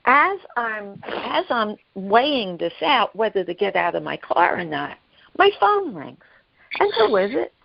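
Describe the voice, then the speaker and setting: A woman telling an emotional personal story as a guest, halting and repeating herself, acting out the voices of the people she quotes. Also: mid-range voice, sing-song, vocal fry, muffled recording. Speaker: guest sharing her story. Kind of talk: emotional personal testimony on a podcast.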